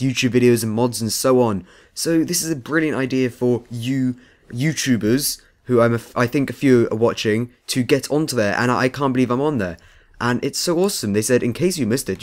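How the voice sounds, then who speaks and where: A young man rambling chattily through casual gameplay commentary as a let's play host, breaking into sudden yelps. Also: mid-range voice.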